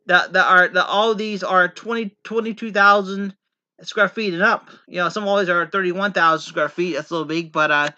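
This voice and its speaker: Vlogger, male, from Pennsylvania coal country: very sharp, bright tone, repetitive and earnest, lo-fi audio. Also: sits high, steady tone, normal speed, clear, resonant tone. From Pennsylvania coal region, USA. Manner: rambling, repetitive, earnest, many false starts. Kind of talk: casual rambling monologue to camera.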